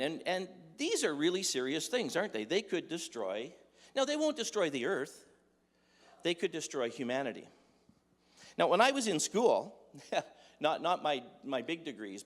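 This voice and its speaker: A man giving a humorous sermon in a conversational, joking way, full of rhetorical questions. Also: fairly high pitch. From Dutch heritage. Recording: echoey hall with long reverb.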